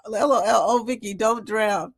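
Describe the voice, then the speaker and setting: A woman hosting a casual live-stream chat, talking loudly and laughing often. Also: on the high side, moderate pace, husky. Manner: animated, laughs often, loud and lively.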